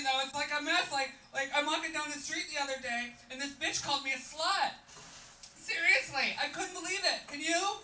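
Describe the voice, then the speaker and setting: A woman's voice: high voice, sharp tone. A woman performing a stand-up comedy set, brash and bubbly, laughing through her punchlines. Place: small comedy club stage. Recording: roomy club sound from a distant mic, noisy.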